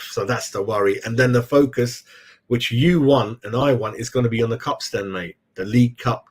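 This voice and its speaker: A middle-aged man chatting casually on a live fan stream, calling everyone "mate" as he goes. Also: medium pitch. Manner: chatty, says "mate" a lot. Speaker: fan channel host.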